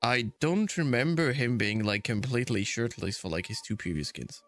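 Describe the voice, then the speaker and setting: A man's voice: mid-range voice, animated, moderate pace, fairly bright tone, dry recording. A man hosting a casual podcast, chatty and hesitant with many fillers. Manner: laughing, hesitant, lots of fillers. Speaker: podcast host.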